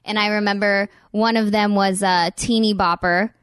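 A young American woman hosting a podcast in casual chat, gushing and warm with lots of filler words. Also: medium pitch, fairly even intonation, moderate pace, clean tone, no room sound, studio quality. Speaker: podcast host.

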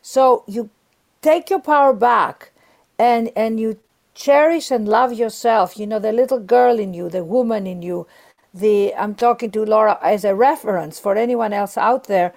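Woman guest talking prayer and self-love, kinda high voice, earnest and repeats herself a lot. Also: gravelly, a little mellow. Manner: earnest, repetitive, encouraging. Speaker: podcast guest. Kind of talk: conversational spiritual advice.

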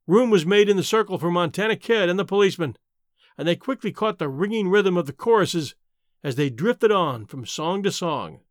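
A man reading an adventure story aloud as narrator, with an expressive, dramatic delivery on a close mic. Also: high-pitched, normal speed, no echo. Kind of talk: scripted audiobook narration.

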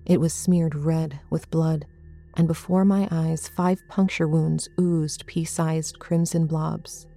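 Behind the narration, faint music plays gently. The woman's voice is low, mellow and gravelly, holding a steady tone as she works through a first-person horror story at a measured, suspenseful pace.

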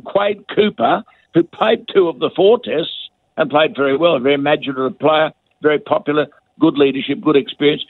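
A man's voice: on the high side, brisk, creaky, no room sound. An older man giving blunt, scathing radio commentary as a guest, heard over a phone line. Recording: dry tinny phone line.

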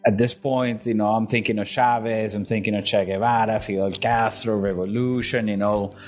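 Animated storytelling man from Venezuela. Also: fairly low pitch, normal speed, faint music behind. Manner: animated storyteller, acts out quotes and laughs. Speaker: interview guest. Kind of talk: storytelling in an interview.

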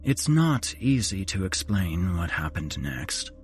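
A man hosting a horror podcast, narrating a first-person story in an unhurried, dramatic storytelling way. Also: low voice, sing-song, slight background noise. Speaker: host and narrator.

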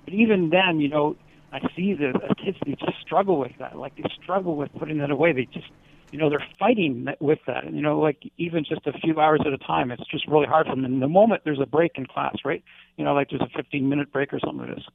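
A man's voice: on the high side, quick pace, gravelly, phone-quality sound. A male teacher talking earnestly in a casual interview, rambling with lots of fillers.

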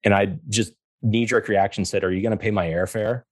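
A middle-aged man with a very low voice tells stories in a relaxed chat, and he acts out every quote. The sound is close and dry, with no room around it. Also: brisk, dry recording. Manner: animated, acts out quotes, laughs often. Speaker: guest. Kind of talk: casual storytelling interview.

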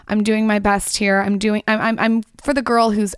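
A woman's voice: medium pitch, flat delivery, a little fast, few pauses, smooth, dry recording, clean studio sound. A young woman hosting a solo podcast, talking in a chatty, upbeat and frank way. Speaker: podcast host.

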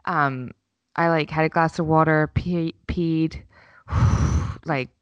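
A woman's voice: low-pitched, slow pace, clean tone, dry recording, lo-fi sound. A woman in her thirties co-hosting a podcast, telling a story in casual chat and acting out the lines of the people in it with self-mocking humor. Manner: animated storyteller, acts out quotes, self-mocking. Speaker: podcast co-host.

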